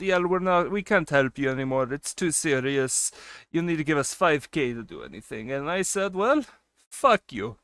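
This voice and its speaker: A man's voice: fairly high pitch, fairly bright tone, smooth, no room sound. Laughing streamer man in a character voice. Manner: talks in a put-on character voice he uses for his persona; laughs often, swears freely. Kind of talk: casual live-stream chat.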